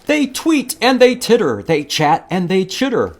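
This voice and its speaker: A man reading a picture book to small children, and his voice swings far up and down as he acts out each line. He takes an unhurried pace and stretches out the big moments. He often stops to ask his young listeners questions. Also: a little hiss or hum. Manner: animated, expressive read-aloud with big pitch swings and slow dramatic lines. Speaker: children's librarian. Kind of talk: children's storytime read-aloud.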